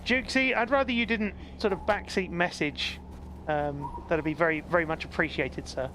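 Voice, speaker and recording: A man's voice: sits high, normal speed, a bit bright. A man hosting a game stream, coaching a blind player and chatting with viewers in an encouraging, laughing way. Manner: encouraging, chatty, reads out chat, laughs often. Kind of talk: casual game stream chat. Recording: faint background noise.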